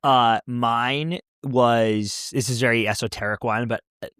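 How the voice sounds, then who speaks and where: A man co-hosting a podcast in casual chat, excitable and swearing, acting out quotes. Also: mid-range voice, unhurried, clean tone, dry recording, clean studio sound. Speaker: podcast co-host.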